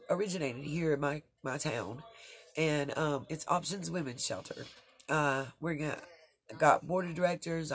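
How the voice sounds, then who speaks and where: A woman's voice: sits low, husky. A woman vlogger talking straight to her viewers in an earnest, rambling way, with many fillers and restarts. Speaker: true crime vlogger. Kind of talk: casual commentary to viewers.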